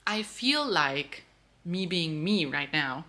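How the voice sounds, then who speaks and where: Woman ranting casually about a book, bright edgy voice, low-ish pitch. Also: slow pace. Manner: animated, outspoken, swears freely. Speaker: book vlogger. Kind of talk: casual reading reaction.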